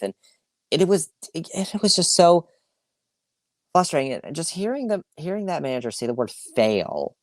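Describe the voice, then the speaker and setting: Alone at the mic for his podcast, a Long Island, New York man rants casually, rambling, cursing freely, sighing, and self-correcting along the way. He has a mid-range voice, captured in clean studio sound with no echo.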